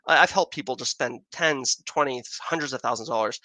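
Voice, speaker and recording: A man's voice: medium pitch, fast talker, creaky, pushed and bright, no room sound. An American man hosting a casual astronomy livestream, rambling as he answers viewer questions. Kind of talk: casual live-stream chat. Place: outdoors in Arizona with a telescope.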